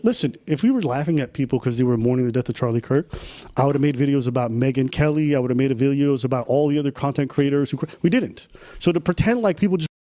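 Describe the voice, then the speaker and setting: A man's voice: medium pitch, expressive, fast, dark tone. A man streaming a reaction to a clip, talking bluntly and sarcastically with profanity. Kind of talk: casual reaction commentary.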